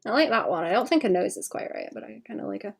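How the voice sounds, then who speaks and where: A woman's voice: medium pitch, animated, fast talker, gravelly, breathy edge. A woman chatting casually to her stream while drawing, with a slight cough. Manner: chatty, rambling, talks to chat between drawing. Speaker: livestreaming illustrator.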